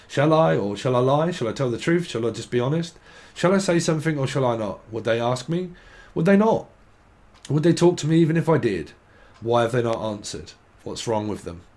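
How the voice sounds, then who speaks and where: A man's voice: medium pitch, darkish tone. A man giving a casual tarot reading, rambling and swearing, laughing often and mimicking imagined people. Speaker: tarot reader.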